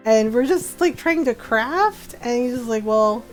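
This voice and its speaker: A woman's voice: fairly high pitch, expressive, unhurried, faint music behind. A woman streamer chatting casually while gaming, telling stories with a lot of laughter and acting out what people said. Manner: chatty storyteller, laughs often, acts out quotes.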